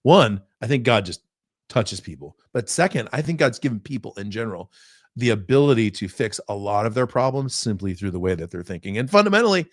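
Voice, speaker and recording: A man hosting a podcast, telling stories in an animated way and repeating words for emphasis. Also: lowish voice, brisk, no echo, clean studio sound. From Pennsylvania, US. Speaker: podcast host. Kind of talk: casual conversational commentary.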